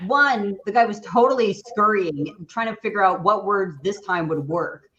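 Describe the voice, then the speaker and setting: A woman career coach explaining workplace etiquette in a casual, animated chat. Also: mid-range voice, moderate pace, lo-fi sound. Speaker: career coach, resume writer. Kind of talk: casual video-call chat.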